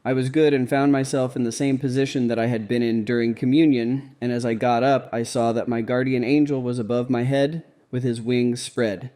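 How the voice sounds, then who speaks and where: Mellow man reading a diary aloud. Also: mid-range voice. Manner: calm, measured first-person reading. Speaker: narrator. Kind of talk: scripted reading of a devotional diary.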